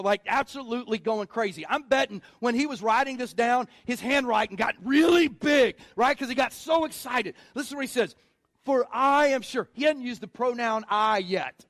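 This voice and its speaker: A male pastor preaching a sermon in an energetic, excitable style that swells into shouting. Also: very high voice, no echo.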